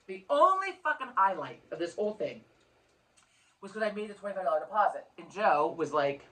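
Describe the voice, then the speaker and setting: A woman's voice: mid-range voice, big pitch swings, a little fast, a bit bright. A woman co-hosting a podcast, telling a long story in casual chat, frank and swearing freely with many restarts. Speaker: podcast co-host.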